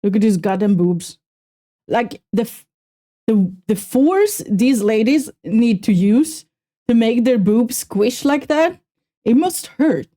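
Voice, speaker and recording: Mellow-voiced young woman streamer, chatty. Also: fairly high pitch, animated. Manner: chatty, self-mocking, quick exclamations. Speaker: streamer reacting to a video. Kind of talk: casual live-stream chat.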